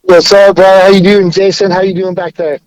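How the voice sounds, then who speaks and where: A man talking casually as a podcast guest, laid-back and a bit halting. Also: high-pitched, flat delivery, no echo. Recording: dull lo-fi audio.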